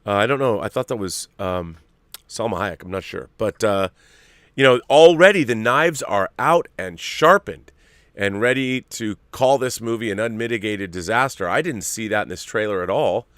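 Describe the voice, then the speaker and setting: A man hosting his own show, talking about a film trailer in an animated way, full of fillers and restarts. His voice sits on the low side, and it is recorded dry and close with no room sound. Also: normal speed, dry recording. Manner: animated, repeats words, many fillers. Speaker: show host. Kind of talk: casual commentary on a movie trailer.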